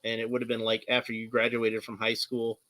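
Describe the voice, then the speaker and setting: Laughing, rambling man with a bright voice. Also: medium pitch, monotone, fairly quick, no room sound. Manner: rambling, laughs often, many fillers and restarts. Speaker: guest, artist and toy collector. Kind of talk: casual chat.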